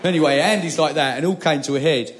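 A man doing a stand-up monologue in a blustering, deadpan rant. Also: fairly high pitch, quick pace, heavy background noise. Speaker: stand-up comedian.

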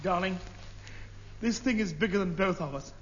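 An excitable bumbling officer hero. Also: male voice, high-pitched, moderate pace, slight background noise. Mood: lovestruck. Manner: excitable, blustering, giggly. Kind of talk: 1950s radio comedy acting. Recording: muffled old broadcast with hall echo, music.

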